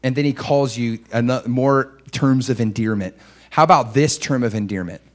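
A young man preaching with heartfelt earnestness. His delivery moves between hushed, tender lines and bright, excited bursts, and his voice sits at an ordinary middle pitch for a man. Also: moderate pace. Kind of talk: sermon.

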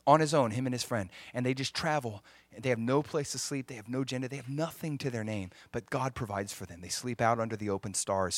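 A man preaching through a story, animated and acting out the voices of the people in it. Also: mid-range voice, no room sound. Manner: animated, acts out quoted voices. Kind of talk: sermon storytelling.

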